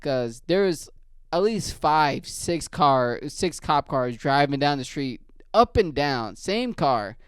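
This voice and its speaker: Crisp-voiced man telling a profane story. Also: sing-song, slow pace, no room sound, clean studio sound. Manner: profane, rambling, low-key. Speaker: podcast host. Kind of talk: casual storytelling rant.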